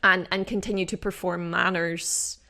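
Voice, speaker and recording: A woman's voice: on the low side, level tone, normal speed, gravelly, bright, forceful tone. A woman from Britain co-hosting a podcast, talking thoughtfully in casual discussion with frequent fillers and restarts. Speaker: podcast co-host.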